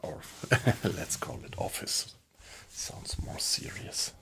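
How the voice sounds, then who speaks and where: A man chatting casually with viewers while he plays a game live from his small home computer room, relaxed and unhurried. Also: slight background noise. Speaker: game streamer. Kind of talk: casual live-stream chat while playing.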